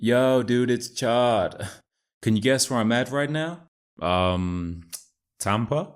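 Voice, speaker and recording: A man putting on an American accent to voice Chad, an excitable, laid-back young American guy who calls everyone dude and bro. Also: mid-range voice, slow pace, clear, resonant tone, pitched above the performer's own voice, natural voice. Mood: chummy. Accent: put-on American.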